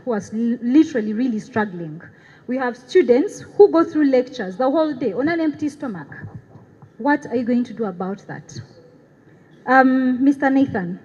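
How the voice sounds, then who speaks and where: A woman's voice: a little high, darkish tone. A young woman moderating a university debate, putting earnest, emphatic questions to candidates. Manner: earnest, emphatic, repeats points for stress. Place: university hall. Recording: dull echoey hall sound.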